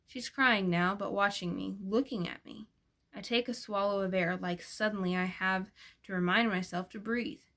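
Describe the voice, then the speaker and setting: A woman's voice: medium pitch, steady tone, a little slow, a bit bright. Woman reading a novel aloud. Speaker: audiobook reader. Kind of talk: first-person audiobook narration.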